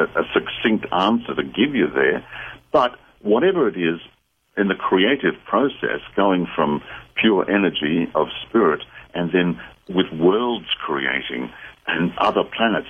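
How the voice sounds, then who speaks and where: Deep husky man, radio guest giving earnest advice, phone-like band. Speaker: psychic medium guest. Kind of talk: radio call-in answers.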